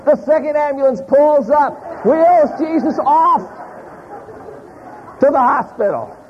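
High-voiced pastor telling a story. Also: male voice, slow pace, a faint crowd. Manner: animated storyteller, addressing a live congregation. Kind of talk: sermon storytelling. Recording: muffled audio in a large hall.

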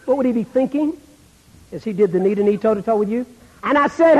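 A man's voice: sits high, expressive, a little fast, a little mellow, breathy edge. A man preaching a sermon, with dramatic shifts that drop almost to a whisper when acting out the people he quotes. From American South. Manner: dramatic, acts out quoted voices, drops to near-whisper. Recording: long reverb of a hall.

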